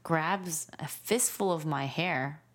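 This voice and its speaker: A woman in her thirties talks through a story in relaxed, casual conversation. Her voice sits low for a woman, and she tells it with animated energy, peppering every phrase with "like.". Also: slow. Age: 30s. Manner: animated storytelling, heavy use of "like". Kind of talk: casual chat.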